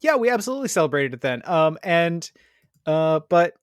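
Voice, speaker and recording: Male co-host, comedic radio banter, lively intonation. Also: fairly high pitch, a little fast, smooth, dry recording, clean studio sound. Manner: playful, laughing at his own slips. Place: radio studio.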